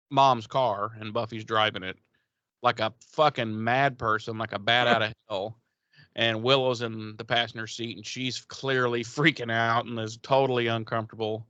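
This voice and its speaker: Man co-hosting a podcast, rambling recap, swears freely, mid pitch, dry close sound. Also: bright, forceful tone, no echo, dull audio. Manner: rambling, swearing, acts out characters' lines. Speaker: podcast co-host. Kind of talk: casual episode recap chat.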